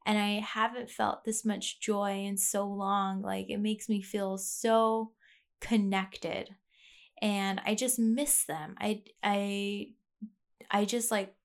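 A woman's voice: medium pitch, little pitch movement, takes it slowly, creaky. A young woman talking alone into her podcast mic, rambling and reflective, full of fillers and restarts. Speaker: podcast host. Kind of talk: casual personal monologue. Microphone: plugged-in podcast mic.

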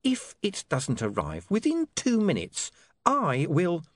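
A man's voice: fairly high pitch, wildly swooping pitch, takes it slowly, voice pushed up, heavily acted. A man reading an audiobook, voicing a cold, menacing male criminal who talks in a clipped, mocking way. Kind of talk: audiobook character voice.

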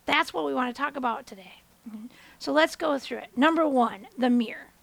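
A woman hosting a motivational talk, telling a story in a lively, conversational way and often asking listeners "right?". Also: high voice, normal speed, gravelly, no echo. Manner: animated, acts out her own and others' words in bigger voices. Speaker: host. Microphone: camera.

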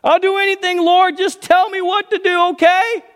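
A man voicing a frantic man dangling from a cliff branch, yelling and pleading for help. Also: very high voice, flat delivery, normal speed, voice pushed up. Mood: panicked shouting.

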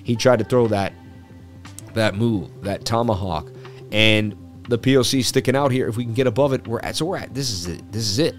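A man's voice: fairly low pitch, brisk, soft background music. A man hosting a casual market analysis livestream, joking loosely and riffing as he talks through the charts. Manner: loose, jokey, riffs and repeats himself. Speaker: crypto livestream host.

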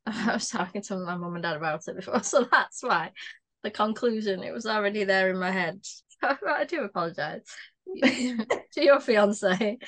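A woman's voice: mid-range voice, animated, moderate pace, fairly bright tone. A woman co-hosting a podcast in casual chat, jokey and laughing often. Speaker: podcast co-host.

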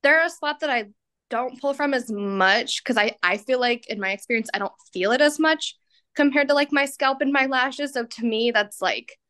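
A young woman in her twenties speaks as a podcast guest, her voice sitting slightly high. She talks candidly and chattily, with a self-mocking edge and frequent laughter. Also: normal speed, pushed and bright. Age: 20s. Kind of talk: candid personal storytelling.

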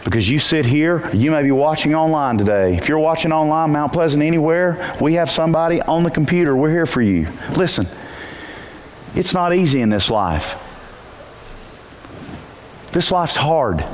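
A pastor preaching a sermon in church, telling the story with energy and moving from quiet asides to shouted peaks. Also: male voice, fairly high pitch, expressive, moderate pace, pauses often, a little hiss or hum.

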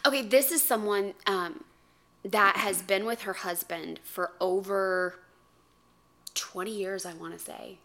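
Bright-voiced chatty woman podcaster. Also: mid-range voice, measured pace. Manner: animated, chatty storyteller who laughs and swears freely. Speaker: podcast co-host. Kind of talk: casual podcast chat.

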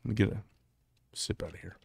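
A man's voice: fairly quick, darkish tone, dry recording. A middle-aged man who served in the military gives a candid, rambling monologue, blunt and prone to restarting his sentences. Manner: blunt, rambling, self-interrupting. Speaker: veteran vlogger.

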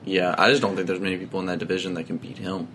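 A man's voice: sits low, flat delivery, racing, a bit bright, slight background noise. A young man co-hosting a casual podcast chat, easygoing and agreeable. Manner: easygoing, agreeable, says yeah a lot. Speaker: podcast co-host.

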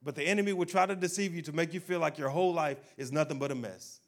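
A man preaching a sermon, speaking directly to his congregation and acting out people's doubts in a low, quiet voice. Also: fast. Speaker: pastor.

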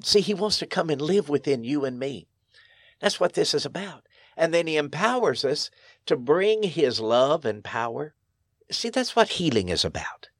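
A man's voice: on the high side, big pitch swings, moderate pace, no echo. A man, a pastor, telling stories in an interview in an earnest, emphatic way, his voice rising sharply on key phrases. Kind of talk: storytelling interview.

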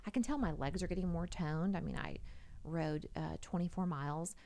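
A middle-aged woman chatting as a podcast guest, an animated storyteller who swears casually. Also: sits low, normal speed, creaky. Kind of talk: casual chat.

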